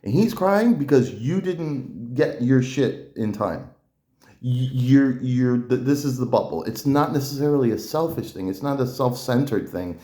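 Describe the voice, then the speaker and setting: A man's voice: medium pitch, warm tone. A man giving a blunt, profane, riled-up opinion monologue as a vlogger. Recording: echoey room.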